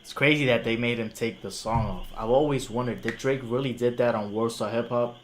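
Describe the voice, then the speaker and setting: A man's voice: mid-range voice, fairly even intonation, fairly quick, a little hiss or hum. A young man whose first language is Spanish, reviewing music on a live stream and arguing with a critic in casual slang. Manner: casual slang, incredulous and argumentative.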